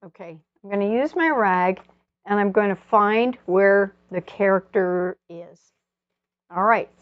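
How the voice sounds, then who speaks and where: A woman's voice: medium pitch, measured pace, no echo, highs cut off. Chatty woman painting on a livestream. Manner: chatty, thinking aloud while painting. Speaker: painting instructor. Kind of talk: live painting demonstration.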